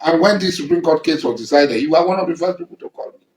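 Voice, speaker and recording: Nigerian man, higher voice, confrontational statement, echoey room. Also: expressive, fast, slight background noise. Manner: accusing, confrontational, repetitive. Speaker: militant leader addressing rivals. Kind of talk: angry public statement.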